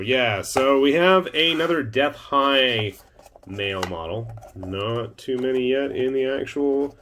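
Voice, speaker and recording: A man's voice: mid-range voice, noisy background. A man hosting his own miniatures channel, chatting casually as he unboxes and builds a model, with wry asides and a bit of self-deprecating humour. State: hiccuping. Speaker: miniatures hobby channel host.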